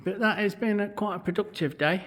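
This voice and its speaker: High-pitched and brisk, this man's fairly bright voice carries a casual workshop vlog about his metalwork. He's a metal fabricator who chats bluntly, curses a lot, and occasionally runs out of breath.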